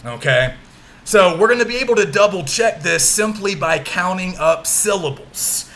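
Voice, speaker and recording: A male teacher delivers a recorded lecture in a bright, forceful voice pitched a little above the usual. He is patient and repetitive, stopping often to ask "okay?" before going on. A faint hiss sits under the recording. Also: normal speed. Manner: patient, repeats points with frequent "okay?" check-ins.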